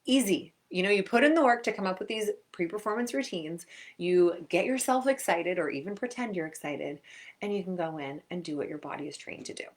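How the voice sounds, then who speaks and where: A young adult woman, a sports performance coach, giving upbeat, chatty advice to young athletes and acting out quick quotes. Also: fairly low pitch. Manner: energetic, chatty, acts out quotes. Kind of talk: upbeat coaching talk to camera.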